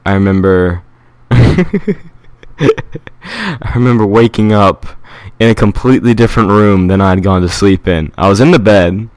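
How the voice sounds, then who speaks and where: A man's voice: fairly low pitch, moderate pace, long pauses, smooth, no echo. A man co-hosting a comedy podcast, chatting casually with plenty of ums and likes. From England. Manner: relaxed, many fillers like um and like. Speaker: podcast co-host.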